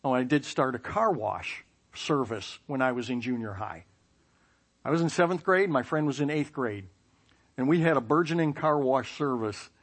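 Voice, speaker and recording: A man telling a personal story with self-mocking humor, lively sound effects and playful asides. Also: mid-range voice, normal speed, breathy edge. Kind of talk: personal anecdote.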